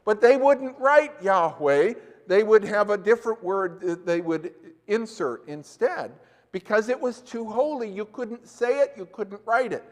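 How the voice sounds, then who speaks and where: A man's voice: high-pitched, lively intonation, unhurried. A man preaching a sermon as a pastor, talking conversationally and asking the congregation questions. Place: church. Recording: echoey church hall.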